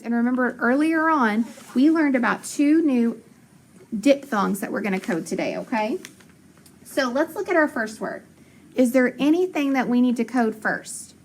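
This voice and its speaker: Woman teacher, encouraging phonics lesson, clear sound-outs. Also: on the high side. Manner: encouraging, slow sounding-out of words.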